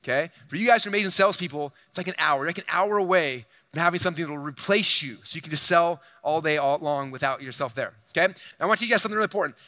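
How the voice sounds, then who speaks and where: A man giving an energetic seminar talk to a large audience, animated and boastful as he speaks straight to the crowd. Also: fairly high pitch, rapid-fire, few pauses, no echo. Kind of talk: energetic stage presentation.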